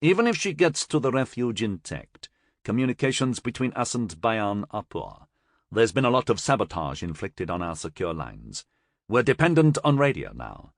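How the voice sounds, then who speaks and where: A man's voice: lowish voice, sing-song, moderate pace, no room sound, clean studio sound. A man voicing a stern, cold older male military commander who speaks in clipped, authoritative orders. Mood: grim. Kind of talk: audiobook character voice.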